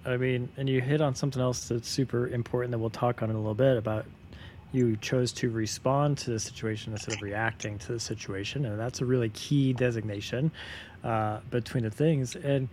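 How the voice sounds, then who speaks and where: A man's voice: medium pitch, fairly even intonation, fairly quick, darkish tone, slight background noise. A man co-hosting a podcast as a yoga teacher, explaining in an earnest, emphatic way in unscripted conversation.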